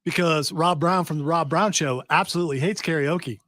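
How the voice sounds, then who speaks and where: A man's voice: a little high, fairly quick, a bit bright, no echo. A man hosting a podcast in casual chat, rambling with fillers and restarts. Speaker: podcast host. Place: studio.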